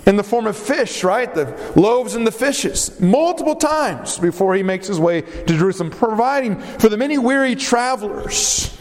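A male preacher delivering a sermon, stretching out phrases for emphasis and asking his listeners rhetorical questions. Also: high-pitched. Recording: long reverb of a hall.

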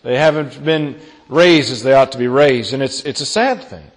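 A man's voice: medium pitch, normal speed, in a large hall, low-quality recording. A young man preaching a sermon to a congregation, earnestly repeating key phrases and putting questions to the listeners. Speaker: pastor.

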